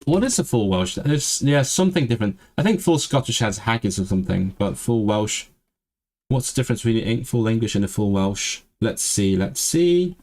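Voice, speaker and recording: A man hosting a casual language livestream, rambling, restarting his sentences and sounding out phrases slowly. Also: on the low side, big pitch swings, darkish tone. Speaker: language channel host. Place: lives in England, streaming from home.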